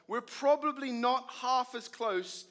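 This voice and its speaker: Man, pastor, sermon, higher voice, earnest, dramatic hushed moments. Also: slow pace. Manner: earnest, dramatic drops to quiet. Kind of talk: sermon with storytelling.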